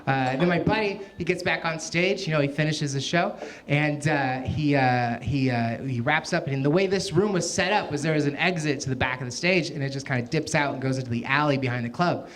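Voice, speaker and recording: A man telling a stand-up story on a club stage, animated and laughing at his own tale as he acts out what people said. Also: a little high, brisk. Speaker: stand-up comedian. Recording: live club recording, loud crowd. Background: audience laughter and club noise.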